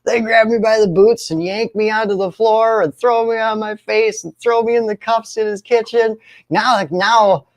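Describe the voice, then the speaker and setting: A young man in recovery, telling his own story in an animated way, often laughing and acting out other voices. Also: sits high, normal speed. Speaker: recovery speaker. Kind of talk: storytelling talk.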